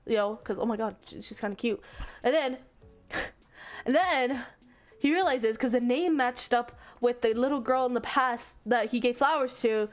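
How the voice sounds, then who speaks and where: A young adult woman streamer casually retelling a story in a rambling, animated way, full of fillers and restarts. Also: a little high, normal speed. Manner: rambling and animated, acting out characters' lines. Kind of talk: casual stream chat, retelling a manga plot.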